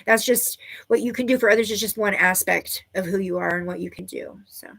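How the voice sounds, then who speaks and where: This woman talks briskly with vocal fry and a fairly bright, medium-pitched tone. Teaching tarot live online, she gives intuitive readings to her audience, speaking in a loose, word-searching way peppered with "right?"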